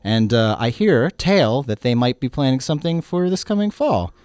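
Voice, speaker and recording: A man hosts a radio show, filling the gaps between songs with loose, rambling chat. His tone is sarcastic and self-mocking, and his pitch swings widely. The sound is dry and close, with no room echo. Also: lively intonation, normal speed, a little mellow, clear, resonant tone.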